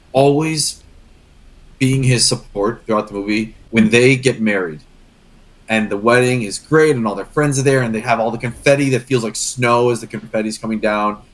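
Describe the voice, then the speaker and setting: A young man chatting casually on a podcast, earnest and rambling, getting emotional as he talks. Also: medium pitch. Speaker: guest co-host.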